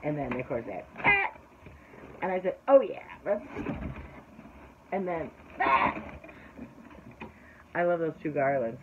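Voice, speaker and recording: A woman's voice: sits low, unhurried, pauses often, narrow, tinny audio, background noise. A woman vlogger and shop owner chatting through an unboxing haul. She rambles, talks straight to her viewers and sometimes slips into an exasperated rant.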